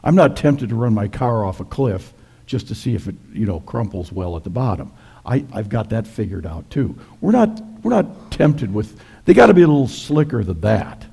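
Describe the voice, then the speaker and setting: A man preaching a sermon, telling folksy jokes in a relaxed storytelling way. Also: on the low side, normal speed, gravelly, husky. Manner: folksy, joking. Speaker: pastor.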